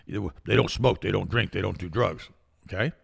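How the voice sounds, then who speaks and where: A man's voice: low-pitched, brisk, vocal fry, slightly rough. A man co-hosting a talk show, telling stories with acted-out quotes in opinionated casual talk. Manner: lively storyteller, acts out quoted voices, repeats himself.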